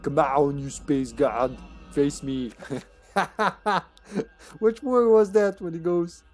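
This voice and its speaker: Slow-talking jokey man streaming a game. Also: a little high, fairly even intonation, a little mellow, faint music behind. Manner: jokey, laughs often, taunts game enemies; slips into a put-on Austrian action-hero accent. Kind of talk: casual live gameplay commentary.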